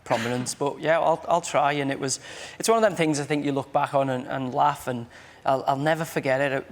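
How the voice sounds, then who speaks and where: A man's voice: medium pitch, steady tone, fairly quick, in a large hall. A man in his thirties with a Merseyside accent, chatting as a guest on a talk show, rambling and restarting his sentences. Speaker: guest, footballer. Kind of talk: casual chat show talk.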